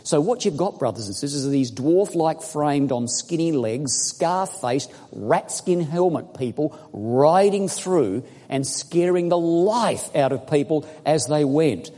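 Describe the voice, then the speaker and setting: A man preaching a sermon with emphatic, dramatic delivery, swinging between loud bursts and quiet asides. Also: a little high, lively intonation, unhurried, hardly any pauses. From outside the United States. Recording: echoey hall.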